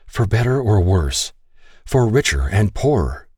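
A man voicing a soft, teasing young bride. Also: fairly low pitch, sing-song, a little slow, breathy edge, no room sound, clean studio sound, pitched above the performer's own voice, exaggerated voice. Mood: tender. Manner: soft, teasing, gently pleading. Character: playful, tender young bride-to-be woman.

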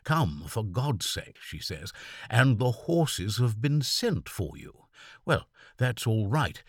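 A man's voice: on the low side, sing-song, slow pace, husky, no room sound, clean studio sound, pitched above the performer's own voice, exaggerated voice. A man voicing a sensible middle-aged country doctor who talks freely with some humour, in a weak, quavering voice. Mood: chatty.

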